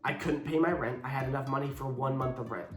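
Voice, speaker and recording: A man's voice: medium pitch, fairly even intonation, fast, fairly bright tone. A young man telling a personal story in a casual vlog, candid and blunt, acting out the lines of the people in it. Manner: candid, blunt, with swearing and quoted dialogue. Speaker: YouTuber telling his story. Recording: echoey room with faint guitar music.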